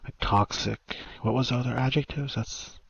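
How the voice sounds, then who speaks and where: A man's voice: medium pitch, steady tone, moderate pace, creaky, fairly bright tone, slightly rough, muffled recording. A man talking bluntly and provocatively in casual voice chat, rambling between points. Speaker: online game player.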